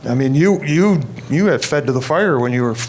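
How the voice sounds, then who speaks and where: A man's voice: a little high, animated, a little fast, darkish tone, a little hiss or hum, low-quality recording. A man interviewing a guest, asking casual questions and affirming briefly.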